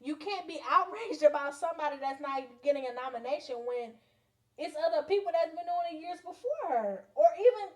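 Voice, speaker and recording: A woman's voice: high-pitched, lively intonation, a little fast. A woman co-hosting a podcast, pushing back with questions in casual chat. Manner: pushes back, questioning, argumentative. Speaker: podcast co-host.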